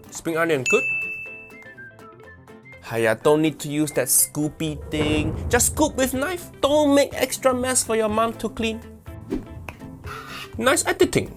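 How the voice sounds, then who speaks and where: A woman's voice: mid-range voice, close to an everyday voice. A woman voicing a judgy middle-aged uncle in a put-on Malaysian English accent, giving clipped broken-English verdicts.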